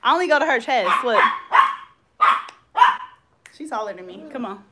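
A woman's voice: fairly high pitch, expressive, normal speed, heavy background noise. A woman vlogging at home as she shows off fresh braids, chatty and teasing, full of slang. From California Bay Area. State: out of breath. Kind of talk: casual chat to camera.

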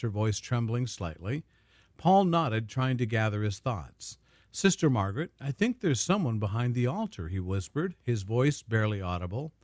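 A male narrator reading a scripted dramatic story in a smooth, even storytelling manner. His pitch rises and falls in a lively way, and the close recording sounds dry. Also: dry recording.

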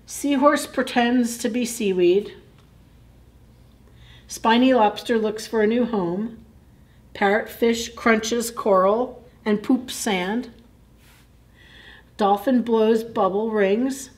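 Slow, gentle woman reading to kids. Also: fairly high pitch. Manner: gentle, chatty, asks listeners questions. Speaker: children's librarian. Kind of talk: children's story time read-aloud.

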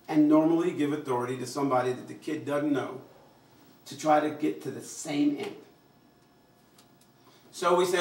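An American man giving a public address, animated, often acting out the voices of people he quotes. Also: mid-range voice, slight background noise. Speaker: invited speaker. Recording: echoey room, mic far off.

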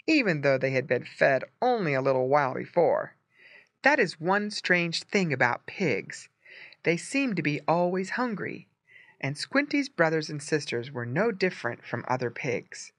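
A lively storyteller with a bright voice and a wide, animated lilt, reading a simple tale slowly and clearly for learners. The sound is close and dry. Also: mid-range voice, no echo. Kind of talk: scripted storybook narration for English learners.

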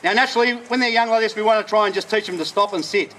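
Man, fairly high voice, plain practical explaining, outdoors with faint noise behind. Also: very fast, bright, forceful tone. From Australia. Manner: explains plainly between short commands to dogs. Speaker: working dog trainer. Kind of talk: live outdoor demonstration talk. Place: outdoors at a festival display.

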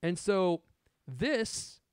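A man hosting a casual tech podcast, excitedly showing off gadgets and chatting. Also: sits high, drawn-out words, clear, resonant tone, no echo, clean studio sound. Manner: excited, shows gadgets on camera. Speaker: podcast host.

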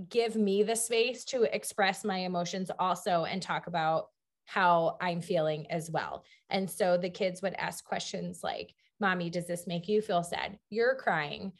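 A woman, a mother, speaking earnestly on a community panel discussion, with many "um"s and "like"s. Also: medium pitch. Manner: earnest, fillers like "um" and "like". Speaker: parent panelist.

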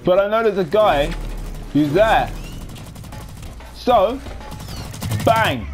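A man's voice: high-pitched, expressive, extremely slow, soft background music. Chatty young man narrating gameplay. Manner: chatty, jokey, self-narrating. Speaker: gaming commentator. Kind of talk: live gameplay commentary.

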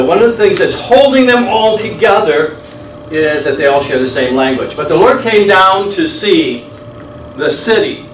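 A man leading a church Bible study, explaining scripture in a conversational way and quizzing the class with questions. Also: fairly high pitch. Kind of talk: interactive Bible study lesson. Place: church meeting room. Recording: echoey room, distant mic, noisy.

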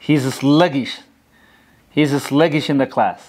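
A man's voice: medium pitch, moderate pace, a little mellow, husky. A man with an Ethiopian accent, a native Amharic speaker, teaching an English lesson and coaxing students to repeat words after him. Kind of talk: classroom English lesson, call and response.

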